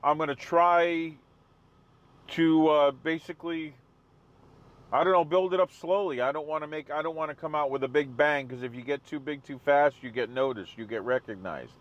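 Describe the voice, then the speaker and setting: A man's voice: a little high, normal speed, dull audio. Casual man chatting on a live stream. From New England. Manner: chatty, reads out viewer comments.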